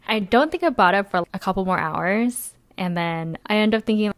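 A woman's voice: lowish voice, fairly quick, hardly any pauses, no room sound. A young woman co-hosting a podcast, telling a rambling story in casual chat, full of "like"s and laughter. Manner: chatty, rambling, many "like"s, laughs often. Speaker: podcast co-host.

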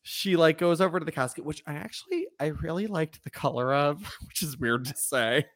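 A man's voice: a little high, very animated, moderate pace, fairly bright tone. A man co-hosting a podcast, recapping episodes in casual chat with lots of laughter and fillers. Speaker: podcast co-host.

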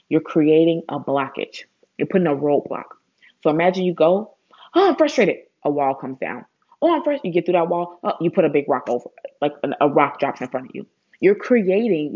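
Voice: medium pitch, a little mellow, husky, highs cut off. A vlogger giving a blunt, rambling motivational talk, swearing for emphasis and mocking complainers in a whiny voice. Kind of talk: casual motivational monologue.

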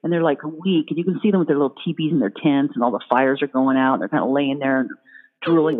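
A woman in casual conversation, telling an animated story and putting on playful little voices for imagined critters. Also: deep voice, quick pace. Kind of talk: casual chat. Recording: phone-like sound in a long-reverb hall.

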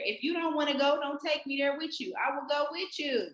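A woman's voice: high-pitched, fairly quick, a bit bright, a little hiss or hum. A woman co-hosting a podcast in casual chat, talking in a sassy, emphatic way. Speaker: podcast co-host. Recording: echoey room.

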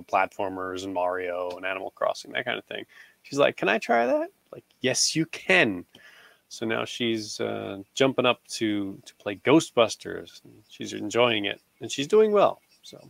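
A man's voice: lowish voice, vocal fry, fairly bright tone, no room sound. A man in his thirties, a father, chatting casually as a podcast co-host and rambling through stories with many fillers. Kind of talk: casual chat.

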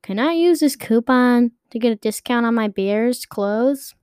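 A woman's voice: a little high, a little slow, a little mellow, smooth, no echo, studio quality, voice pushed up, lightly acted. A woman doing a polite little boy. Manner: polite asking. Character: polite, nice young boy.

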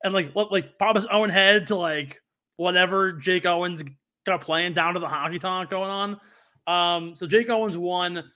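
Brief: young adult man, podcast co-host, slightly high voice, loose rambling anecdotes full of restarts. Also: fairly even intonation, moderate pace, pushed and bright. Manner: rambling storyteller with many fillers and restarts. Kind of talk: casual chat.

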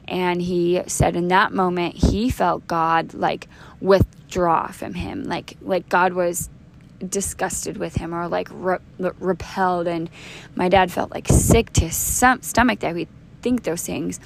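A woman's voice: lowish voice, measured pace, gravelly, slight background noise. A woman in her thirties hosting a podcast, telling her own faith testimony in an earnest, conversational way, with frequent restarts and fillers. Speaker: podcast host.

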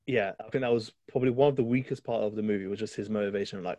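A man's voice: lowish voice, racing, mellow, dry recording, lo-fi sound. A man co-hosting a podcast, chatting casually and enthusiastically about a film, rambling with restarts. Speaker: podcast co-host.

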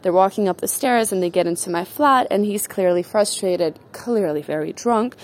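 A woman's voice: medium pitch, normal speed, hardly any pauses. A woman telling a story in a casual, chatty way, swearing freely and filling her speech with "like" and "um". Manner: frequent fillers like "like" and "um". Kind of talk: casual spoken anecdote.

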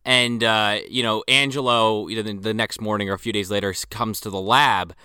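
Bright, crisp-voiced man telling a story. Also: lowish voice, fairly even intonation, no room sound, clean studio sound. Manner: profane, fast storytelling with fillers. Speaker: podcast co-host. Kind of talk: casual chat recapping a film.

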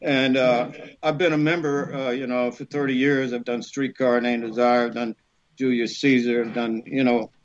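A middle-aged actor from Alabama telling rambling, animated stories in a podcast interview, acting out quotes with many fillers. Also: male voice, mid-range voice, normal speed, dull audio. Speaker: actor guest.

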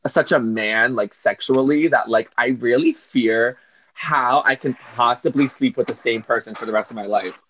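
A man's voice: mid-range voice, moderate pace, a bit bright, muffled recording, slight background noise. A young adult man co-hosting a podcast, teasing the others in a campy, casual way. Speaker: podcast co-host. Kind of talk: casual chat.

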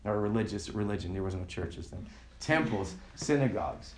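A man's voice: on the low side, animated, normal speed, a little mellow, a little hiss or hum. A man preaching a sermon in a loose conversational way, often having the congregation repeat words back to him. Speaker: pastor. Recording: echoey room.

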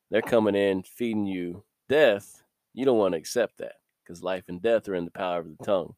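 A man with a low, deep voice delivers a daily podcast sermon in a loose, conversational manner, speaking. He reads scripture aloud and then explains it plainly to his listeners. The sound is dry and close, with no room echo. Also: a little mellow. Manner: casual, conversational, laughs between points. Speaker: podcast preacher. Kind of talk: informal sermon with scripture reading.

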